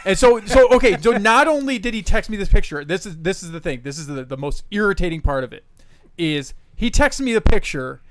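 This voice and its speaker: A man's voice: high voice, lively intonation, normal speed, clean tone, no echo. A man co-hosting a podcast in casual chat, teasing his friends as he builds up a story. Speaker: podcast co-host.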